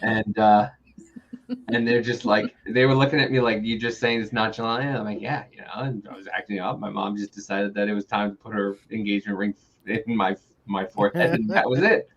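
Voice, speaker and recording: A man hosting a podcast in casual chat, telling animated stories and jumping into high voices when he quotes people. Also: fairly quick. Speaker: podcast host. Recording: muffled lo-fi sound.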